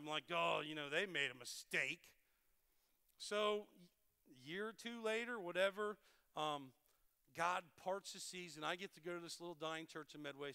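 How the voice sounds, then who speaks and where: High, bright-voiced pastor preaching in a hall. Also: male voice, clean tone. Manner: animated storytelling, acts out dialogue, self-deprecating humor. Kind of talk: sermon. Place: large church hall.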